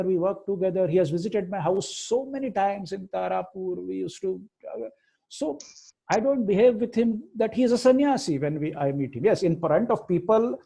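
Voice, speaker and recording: Husky middle-aged Indian man teaching. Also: sits high, dark tone, rough recording. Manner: storytelling, mixing Hindi and English, acting out quotes. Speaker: spiritual teacher. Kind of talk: informal religious class.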